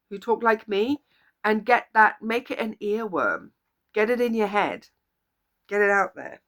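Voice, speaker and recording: A woman's voice: medium pitch, very animated, a little slow, fairly bright tone. Earnest woman coach, encouraging and repetitive. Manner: earnest, encouraging, repeats phrases for emphasis. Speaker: life coach. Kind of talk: motivational talk to camera. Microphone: camera or phone video.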